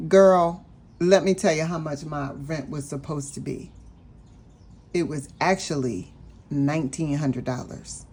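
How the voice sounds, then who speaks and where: A woman vlogging about her budget, telling a personal story in a chatty, animated way and talking straight to her viewers. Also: deep voice, a little slow, a little hiss or hum. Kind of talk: casual storytelling vlog.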